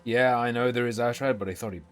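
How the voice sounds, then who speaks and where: A man's voice: medium pitch, steady tone, fast talker, soft background music. A man streaming a game live, muttering casual commentary and swearing freely as he plays.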